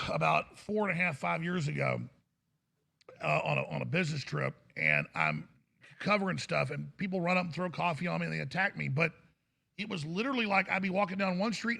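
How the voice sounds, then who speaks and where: A man hosting a talk show, ranting fervently and bursting into shouted impressions. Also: fairly high pitch, expressive, a little fast, creaky. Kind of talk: impassioned talk show rant.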